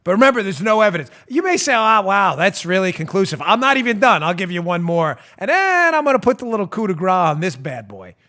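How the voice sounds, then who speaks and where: Animated sarcastic male talk host. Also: high-pitched, quick pace, hardly any pauses. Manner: sarcastic, laughing, swinging from loud to hushed. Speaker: political talk show host. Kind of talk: animated political commentary.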